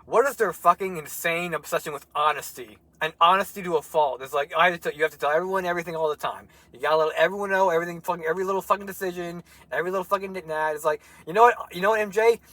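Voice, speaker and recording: A man's voice: high-pitched, racing, few pauses, sharp tone, dry recording, rough recording. A young man in casual chat, ranting heatedly and swearing a lot as he co-hosts. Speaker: co-host.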